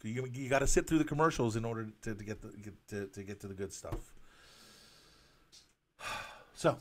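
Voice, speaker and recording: A man hosting a live drawing stream, talking in a halting, stammering way with many restarts, earnest and apologetic. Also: lowish voice, lively intonation, a little hiss or hum. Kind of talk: casual live-stream monologue.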